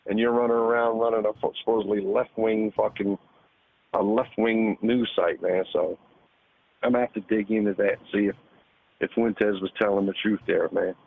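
A man's voice: lowish voice, fairly even intonation, moderate pace, gravelly. A man rants into a call-in show over a thin phone line, his voice narrow and tinny. He swears constantly and hammers the same points again and again, tacking "man" or "dude" onto nearly every phrase. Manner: profane, repetitive, ends phrases with "man" and "dude". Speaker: caller. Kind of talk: heated call-in rant.

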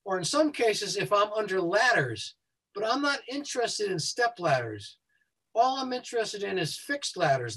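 A man working as a safety consultant. He speaks quickly and explains things step by step as a guest who walks listeners through a website. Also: high-pitched, fairly bright tone, slightly rough, rough recording.

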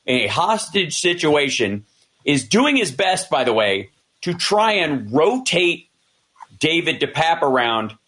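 A man's voice: on the high side, slow pace. Man retelling events in casual talk. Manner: animated retelling, acting out quoted dialogue; frequent restarts and fillers. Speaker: commentator. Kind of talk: casual discussion.

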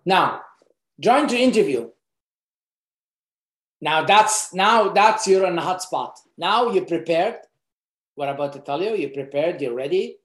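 An earnest presenter offers casual, unscripted job-interview advice to camera in a medium-pitched, expressive voice, speaking at a measured pace with frequent pauses. He repeats key points for emphasis and his loose phrasing is full of restarts. The room has a noticeable echo.

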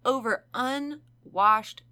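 A woman's voice: on the high side, very slow. A woman co-hosting a casual true-crime podcast, retelling the case with lots of laughter and swearing. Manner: laughing, profane, animated storytelling. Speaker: podcast co-host.

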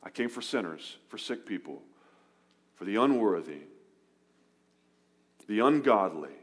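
A man preaching a sermon to his congregation, earnest, rising for emphasis and dropping soft and low on key words. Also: expressive, measured pace. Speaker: pastor.

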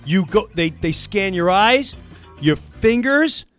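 A middle-aged man who is a guest in a casual chat, telling stories excitedly. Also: high voice, takes it slowly, faint music behind. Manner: animated, excitable storyteller.

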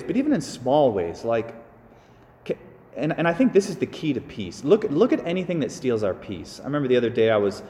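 Priest in an echoey hall. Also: male voice, medium pitch. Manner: casual and animated, with sighs and small asides. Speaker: Catholic priest. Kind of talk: conversational homily.

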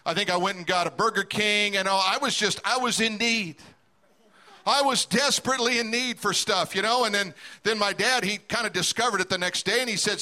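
Middle-aged male pastor, storytelling sermon, high bright voice. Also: a little fast. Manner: storytelling preacher, acting out quoted voices.

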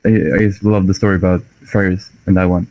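A man chatting casually about books, animated and quick to act out scenes. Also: sits low, poor audio. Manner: animated storyteller, acts out lines with laughs.

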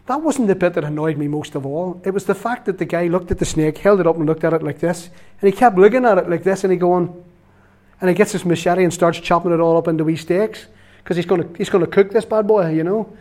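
Northern Irish male lay preacher, middle-aged, slightly higher voice, chatty storyteller who laughs and repeats himself. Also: quick pace, darkish tone. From Northern Ireland. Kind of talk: storytelling sermon.

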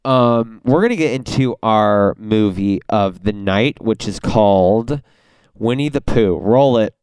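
A man's voice: lowish voice, measured pace, darkish tone, smooth, no room sound. A young man hosting a casual movie podcast, laughing often and joking with friends. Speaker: podcast host. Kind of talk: casual movie review chat.

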